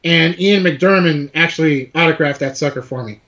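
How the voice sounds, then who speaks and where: A man's voice: a little high, a bit bright, highs cut off. A man co-hosting a casual talk show, speaking with many restarts and enthusiasm. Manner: halting, many restarts, enthusiastic about collectibles. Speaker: podcast co-host. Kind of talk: casual chat.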